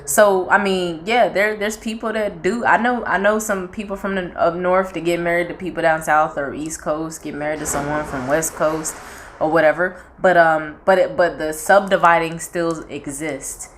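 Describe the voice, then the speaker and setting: Young Southern-accented woman, low-pitched, frank and talkative in a casual chat. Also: fairly even intonation, normal speed, a little hiss or hum. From North Carolina, US. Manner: frank and talkative, acts out quoted voices. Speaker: channel co-host.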